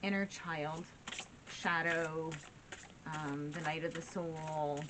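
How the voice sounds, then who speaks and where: A woman with a lowish voice reads tarot cards for her viewers in an encouraging, conversational way. She checks in often with "right?" and "okay?" as she talks. A steady background noise sits under her voice. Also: takes it slowly. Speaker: tarot reader. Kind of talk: casual tarot reading to viewers.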